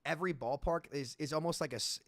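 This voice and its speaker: A man's voice: fairly high pitch, quick pace, no echo. Chatty man on a dry headset mic. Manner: animated storytelling, stumbles and restarts. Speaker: streamer and podcast host. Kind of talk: casual podcast chat.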